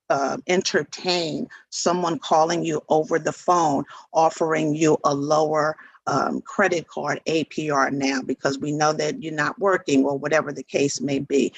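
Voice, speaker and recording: Earnest man with a gravelly voice. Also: on the high side, a bit bright, no room sound, poor audio. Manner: earnest, repeats words for emphasis. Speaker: presenter at a scam-prevention seminar. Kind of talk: informational talk to seniors.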